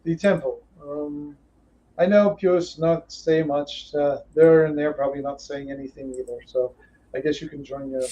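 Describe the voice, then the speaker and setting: A man voicing a hearty seven-foot giant man who leads a town, talking in clipped, broken phrases with a welcoming boom. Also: steady tone, normal speed, dark tone, highs cut off, close to an everyday voice. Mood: bossy.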